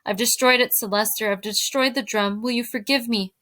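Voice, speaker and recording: A woman's voice: on the high side, steady tone, brisk, bright, forceful tone, dry recording. A woman reading as a pleading father mouse. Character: small remorseful older male father mouse.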